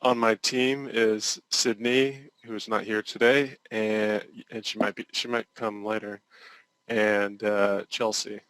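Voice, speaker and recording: A low-voiced man speaking over an online class call. He talks hesitantly, with halting pauses and filler sounds. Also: flat delivery, a bit bright, clear, resonant tone, dry recording, low-quality recording. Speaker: class participant. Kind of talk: hesitant casual call talk.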